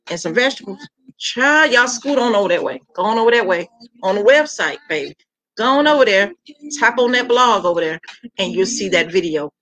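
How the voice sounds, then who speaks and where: A woman's voice: medium pitch, fairly bright tone, low-quality recording. A woman hosting her home cooking channel, chatting casually and folksily with viewers and calling them honey and child.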